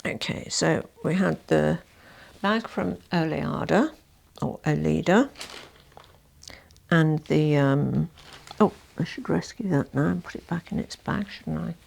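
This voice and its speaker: A low, gravelly woman chats to her viewers in a relaxed vlog. She talks in a chatty, self-deprecating way, full of little asides and restarts. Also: unhurried. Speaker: fashion vlogger. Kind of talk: casual chat to camera.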